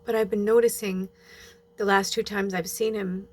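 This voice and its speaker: A woman's voice: mid-range voice, flat delivery, moderate pace. A woman talking in a personal monologue, emotional and holding back tears, swearing as she goes. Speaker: spiritual medium.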